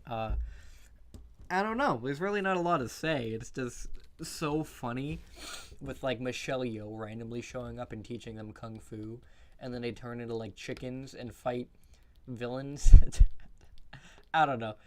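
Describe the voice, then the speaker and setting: A man's voice: mid-range voice, a little slow. A man streaming casually, reviewing movies in a loose, rambling way, often breaking into laughter and swearing. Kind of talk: casual live-stream chat.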